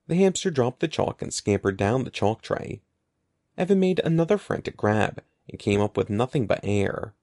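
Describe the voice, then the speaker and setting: A man narrating an audiobook in an expressive, lively storytelling manner. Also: medium pitch, normal speed, dry recording, studio quality. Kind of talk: scripted narration.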